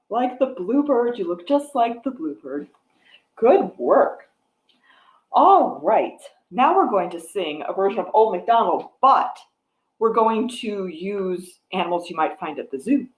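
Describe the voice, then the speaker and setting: A woman, a children's librarian, reading a picture book aloud at storytime, coaxing young children to join in with gentle encouragement. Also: on the high side. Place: library room. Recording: roomy echo.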